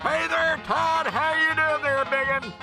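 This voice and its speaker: A man's voice: very high voice, a little slow. A man playing a rowdy, hollering redneck caller with a whooping country drawl. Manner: yelps and hollers, folksy. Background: faint country music.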